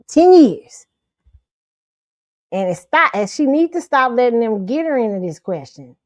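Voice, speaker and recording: A woman's voice: medium pitch, no echo, clean studio sound. Sassy, blunt woman host. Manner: blunt, sassy, animated, laughs often. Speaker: show host. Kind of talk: pop culture commentary livestream.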